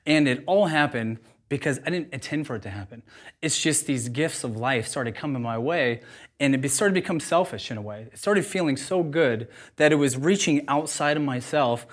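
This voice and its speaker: A man speaks to a live audience in an informal, energetic way. His voice sits in a middle register for a man, and he is candid and quick to laugh at himself. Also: mid-range voice. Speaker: juice bar owner giving a talk.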